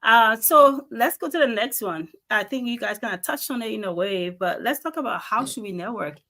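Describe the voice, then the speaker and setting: Woman panel moderator; bright, sharp tone; brief, polite handoffs. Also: on the high side, animated, moderate pace. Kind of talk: panel discussion.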